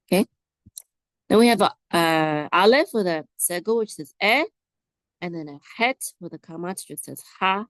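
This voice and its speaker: A woman teaching biblical Hebrew word by word, slowly sounding out letters and asking listeners to repeat after her. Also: on the low side, animated, fairly bright tone, dry recording. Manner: slow, drawn-out repetition, prompting listeners to say words back. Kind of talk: slow, patient word-by-word Hebrew lesson.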